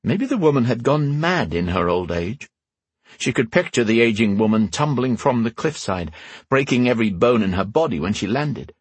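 A man giving expressive scripted narration of a fantasy audiobook. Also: mid-range voice, moderate pace, slightly rough, no echo.

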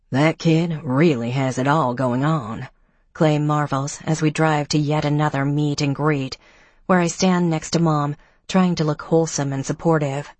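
A woman's voice: deep voice, no echo. A woman narrating a first-person novel as an audiobook, giving each character a slightly raised voice in dialogue.

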